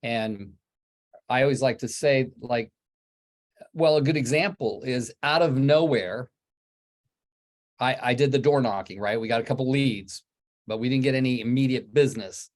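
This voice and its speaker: A man hosting a group coaching call in a loose, upbeat manner, wandering from point to point. His voice sits at a middling pitch for a man. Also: normal speed, long pauses. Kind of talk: casual coaching talk.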